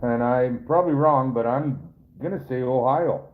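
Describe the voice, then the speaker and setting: This man runs a casual live stream as a trapper, chatting with viewers in an animated mid-range voice at a moderate pace. He's rambling, folksy and joking, and the sound is tinny like a phone.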